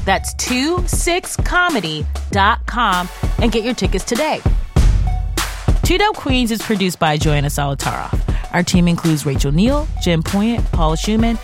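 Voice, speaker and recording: Lively, playful woman podcast co-host. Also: mid-range voice. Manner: playful, bubbly, jokey. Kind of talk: comedy podcast chat and promo reads.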